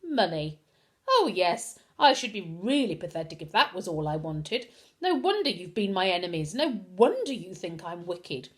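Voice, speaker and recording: A woman's voice: fairly low pitch, big pitch swings, moderate pace. A woman voicing a cold, controlling villainous male headmaster, clipped and commanding. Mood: grandiose.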